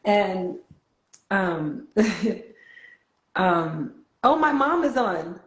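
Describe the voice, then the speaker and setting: A woman's voice: medium pitch, sing-song, extremely slow, fairly bright tone. Brief: New York woman, chatty livestream host, laughs easily, roomy echoey sound. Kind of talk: casual livestream chat. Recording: roomy echo.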